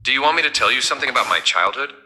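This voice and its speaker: A man voicing a servile, sly male office assistant who speaks with mock politeness in an animated story. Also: medium pitch, rapid-fire, slight background noise, voice pushed up. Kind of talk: scripted character voice.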